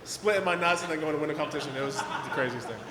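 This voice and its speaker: A young man, telling stories at a skate event Q&A in a casual, animated way, full of fillers and acted-out quotes. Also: a little high, racing, a little hiss or hum. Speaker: guest pro skateboarder. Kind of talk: casual storytelling at a Q&A. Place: event hall with audience. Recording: echoey hall, faint ambience.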